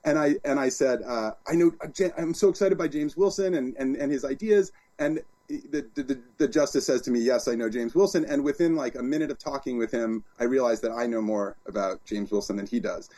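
A man, an author and guest, talking in an interview as an animated storyteller with frequent restarts. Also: mid-range voice, fairly quick, few pauses. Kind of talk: interview conversation.

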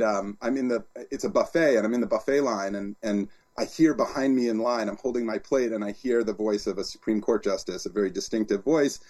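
A man, an author and guest, talking in an interview as an animated storyteller with frequent restarts. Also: mid-range voice. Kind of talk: interview conversation.

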